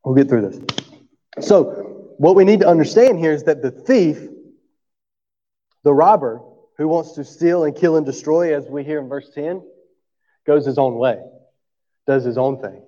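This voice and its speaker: A man's voice: on the high side, unhurried, pauses often, warm tone, long reverb tail, muffled recording. A man preaching a sermon. He talks to the room in a conversational way, often checks for agreement, and has an allergy cough. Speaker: pastor.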